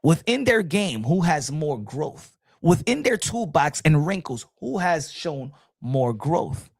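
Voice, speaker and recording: A middle-aged man hosting a casual boxing talk show, animated and repetitive, talking straight to his viewers in the chat. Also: fairly high pitch, slow pace, vocal fry, no echo, clean studio sound. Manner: animated, repeats himself, addresses folks in the chat.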